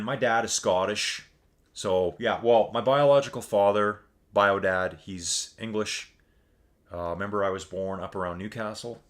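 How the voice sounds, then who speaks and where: A Canadian man with a Canadian accent giving casual, rambling live-stream commentary on a virtual bike race and reading viewer chat aloud. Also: on the low side.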